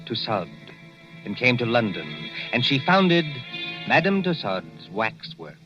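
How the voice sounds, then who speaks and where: A man narrating a 1940s radio drama in a measured, solemn way, on a dull old broadcast. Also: medium pitch, sing-song, over music.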